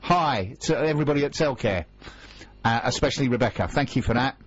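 This is a male radio co-host with a husky, slightly breathy voice, chatting easily and reading out listener tweets. The recording sounds a little muffled and dull, like a radio studio feed. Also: medium pitch, fairly quick, no room sound. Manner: chatty, reads out tweets and web addresses. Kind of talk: casual radio chat.

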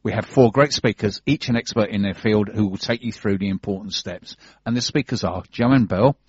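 A man with a London accent reads business event listings on a radio show, keeping it chatty and joking. His voice sits low and husky. The studio sound is dry and a little dull. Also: fairly quick, dry recording. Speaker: radio co-host reading business news. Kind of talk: casual radio chat and listings reading.

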